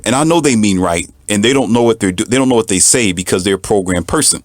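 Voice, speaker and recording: A man delivering an emphatic, preachy monologue, repeating lines for effect and mocking others in a high put-on voice. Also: brisk, dry recording. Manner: mocks others in a high mincing voice. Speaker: commentator. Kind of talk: monologue to the camera.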